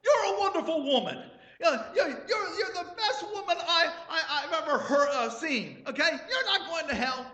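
A preacher doing a ranting hot-tempered husband. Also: male voice, very high-pitched, expressive, normal speed, bright, forceful tone, echoey room, voice pushed up, exaggerated voice. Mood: flustered reassurance. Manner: ranting, stammering.

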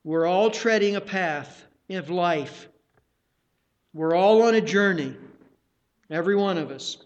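A man with a fairly high voice delivers a sermon at an unhurried, measured pace. He presses his listeners with direct questions and circles back over key phrases to drive them home. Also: lo-fi sound. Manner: deliberate, repeats phrases for emphasis; exhorting the congregation with questions. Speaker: preacher.

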